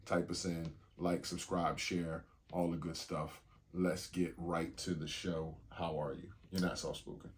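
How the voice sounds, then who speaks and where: A man's voice: deep voice, level tone, a little slow. A man co-hosting a podcast in casual chat, playful and teasing with laid-back slang. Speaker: podcast co-host.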